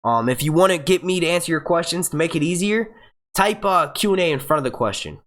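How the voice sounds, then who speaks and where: A man's voice: a little high, lively intonation, fast talker, a bit bright. A young man hosting a casual live stream, profane and hyped, stuttering and restarting often as he urges viewers on. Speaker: livestream host.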